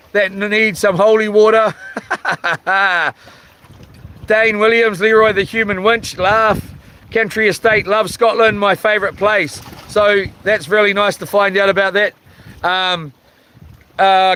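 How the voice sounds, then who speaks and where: Male New Zealand live-stream host, high-pitched and slow, easygoing chat reader who gets firm when annoyed. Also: sharp tone, clear, resonant tone, low-quality recording. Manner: laid-back, lots of ums, chuckles, firm when annoyed.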